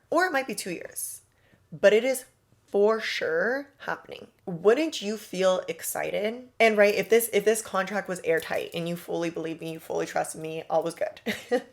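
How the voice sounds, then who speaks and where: A woman coaching on manifestation in a casual, emphatic monologue, talking straight to the listener with slang and rhetorical questions. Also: mid-range voice. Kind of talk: motivational monologue.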